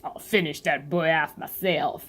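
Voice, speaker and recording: A woman's voice: sits low, steady tone, measured pace, fairly bright tone, pitched below the performer's own voice. Woman putting on a grim menacing commander. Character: grim ruthless male squadron commander.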